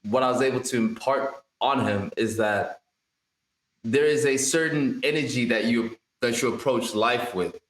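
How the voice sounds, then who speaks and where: A man's voice: medium pitch, normal speed, roomy sound. A man co-hosting a casual podcast, talking with energy about life and mindset, mixing in street slang. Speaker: podcast co-host.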